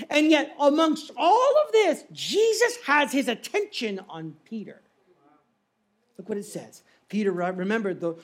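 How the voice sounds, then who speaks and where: A man preaching a sermon, retelling a story dramatically and swinging between loud, urgent passages and hushed, quiet ones. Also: very high-pitched. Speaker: pastor.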